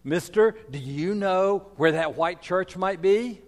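A man's voice: high-pitched, slow pace, big-room sound, voice pushed up. A man voicing a frightened, lost little boy with a small, pleading raised voice in a sermon story.

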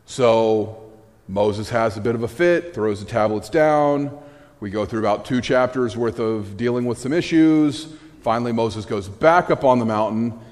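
Man, preacher, conversational sermon, animated storytelling, dry jokes, echoey church hall. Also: mid-range voice, measured pace. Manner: animated storytelling with wry asides.

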